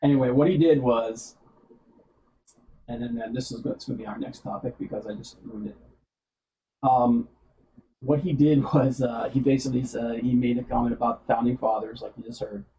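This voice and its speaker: Guy rambling on his stream show, lots of ums and likes, warm mellow voice, kinda dull lo-fi sound. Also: mid-range voice, fairly even intonation, moderate pace, a little hiss or hum. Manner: rambling, filler-heavy, laughs often. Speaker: podcast host. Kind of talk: casual streamed chat.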